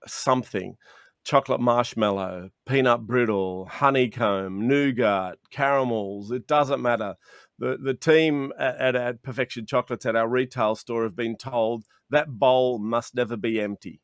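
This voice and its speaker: A man's voice: mid-range voice, a little slow, smooth, dry recording, studio quality. An Australian man, a chocolatier guest in a video interview, telling stories eagerly and acting out chats with customers. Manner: animated, acts out customer exchanges, frequent restarts. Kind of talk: enthusiastic storytelling in an interview. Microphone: video call.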